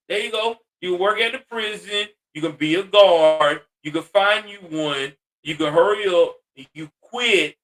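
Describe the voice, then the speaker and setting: A man's voice: sits high, fairly bright tone, recorded from a distance. A man ranting in blunt, profane social commentary, exasperated and direct. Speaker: commentary host.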